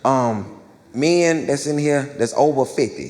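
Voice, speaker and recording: A man doing stand-up, telling long stories with lots of repetition on a theater stage. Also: normal speed. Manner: animated storyteller, repeats lines, jumps into loud high-pitched quoted voices. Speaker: stand-up comedian. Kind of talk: stand-up storytelling. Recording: live theater with long reverb and faint crowd ambience.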